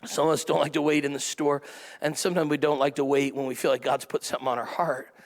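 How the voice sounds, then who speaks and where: Gravelly-voiced man preaching a sermon. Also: on the high side, little pitch movement, fast talker, in a large hall. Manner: conversational preaching with asides and crowd prompts. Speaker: pastor. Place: church service before a congregation.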